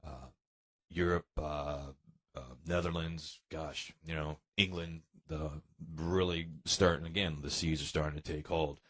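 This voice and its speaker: An American man, a guest musician, answering interview questions in a relaxed, hesitant way. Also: very deep voice, a little slow. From United States. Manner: relaxed, hesitant with many ums. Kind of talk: casual interview chat.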